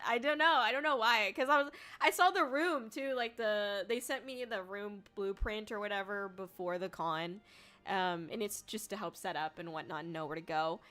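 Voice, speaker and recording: A young woman streaming, chatting casually with her viewers, laughing often and breaking into squealing shouts. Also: medium pitch. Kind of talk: casual livestream chat. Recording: faint music behind.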